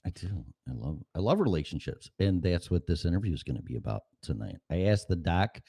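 A man's voice: deep voice, very animated, brisk, creaky, mellow, slightly rough. A man from Chicago with a Chicago accent, talking casually and sarcastically in a rambling, profane monologue. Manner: profane, sarcastic, jumps between jokes and voices. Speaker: vlogger.

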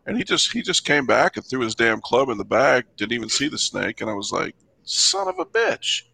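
A man's voice: medium pitch, expressive, fairly quick, vocal fry, bright, forceful tone. A man co-hosting a casual podcast, griping in mock annoyance and swearing as he banters. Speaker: podcast co-host. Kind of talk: casual chat.

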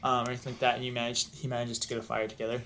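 A man's voice: mid-range voice, completely flat delivery, very fast, fairly bright tone, slight background noise. A man running a tabletop game, narrating scenes and calling for rolls. He talks in a hesitant way with frequent ums. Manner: hesitant, many ums while describing. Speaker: game master.

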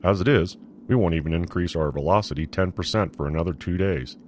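A man's voice: low voice, a little fast, a little mellow, a little hiss or hum, close to an everyday voice. A man voicing a dutiful male second-in-command who raises careful objections to his captain. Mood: worried.

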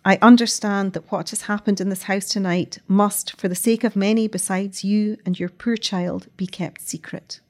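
A woman voicing a grave, commanding man of few words, speaking steadily and quietly in a read-aloud story. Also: mid-range voice, steady tone, moderate pace, hardly any pauses, lightly acted. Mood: steady.

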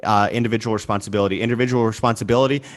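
A man hosting a talk show, speaking in a forceful, preachy way and swearing at times. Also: fairly low pitch, fairly even intonation, very fast. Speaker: show host. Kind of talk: impassioned commentary.

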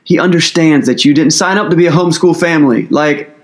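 A man with a somewhat high voice preaches a sermon to his church family. He talks casually and earnestly, with loose, conversational phrasing and many fillers. He sounds like a pastor talking things through rather than reading a script. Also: a little fast.

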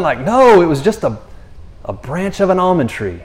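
Rambling man with a higher voice. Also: moderate pace. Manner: rambling, animated, keeps restarting and saying "you know". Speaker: speaker sharing a faith testimony. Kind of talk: casual spoken testimony.

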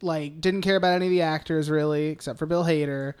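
A man's voice: a little high, fairly even intonation, fast, smooth. Brief: male podcast co-host, blunt and profane, casual film banter with frequent laughs. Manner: blunt, swears freely, laughs often.

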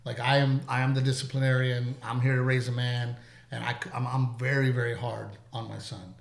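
A man hosting a casual interview chat as a comedian, telling stories with lively asides. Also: medium pitch, fairly quick, creaky. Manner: animated storyteller, quotes people in put-on voices. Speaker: podcast host and comedian. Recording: roomy echo.

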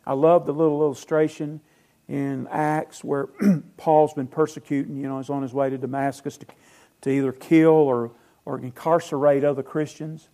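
A male pastor preaches in a fairly high voice. He is emphatic and asks his listeners questions, then answers them himself. His volume rises and drops sharply from phrase to phrase. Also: level tone, moderate pace. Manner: loudness swings widely between phrases. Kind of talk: sermon.

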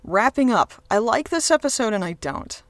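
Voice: mid-range voice, sing-song, normal speed, no echo. A TV reviewer talking casually and sarcastically, rambling with restarts and swearing freely. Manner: frequent restarts and fillers. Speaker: episode reviewer.

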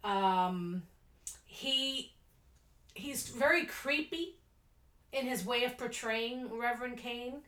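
A woman's voice: fairly high pitch, slow, long pauses, a bit bright. Podcast co-host, woman, laughing storyteller, recorded in a roomy space. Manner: rambling storyteller, laughs often. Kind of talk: casual chat.

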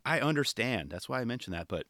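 A man's voice: mid-range voice, very animated, fast talker, sharp tone, no echo. A man giving casual commentary on a skate video in laid-back skater slang, often tagging on "right?" and "you know".

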